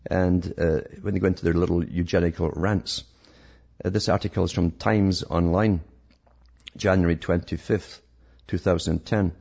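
Deep and steady, with a normal pace, vocal fry, a darkish tone and a breathy edge, this talk host reads news articles aloud. His monologue is sarcastic and rambling, full of restarted sentences, captured in dull lo-fi audio.

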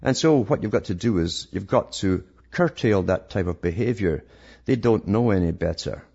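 A man's voice: lowish voice, lively intonation, normal speed, gravelly, darkish tone, husky. A man giving a sarcastic, rambling monologue as a talk host, often restarting his sentences. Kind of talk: monologue reading news articles. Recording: dull lo-fi recording.

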